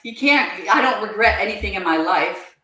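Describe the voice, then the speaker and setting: A woman guest on a podcast, telling her personal story in an earnest, halting way and repeating words as she goes. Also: medium pitch, animated, bright, forceful tone. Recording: very echoey room.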